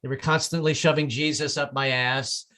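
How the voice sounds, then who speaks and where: A man doing an open mic stand-up set, stammering and repeating words, often breaking into loud voices for his relatives. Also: mid-range voice, flat delivery, moderate pace. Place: small comedy club with audience.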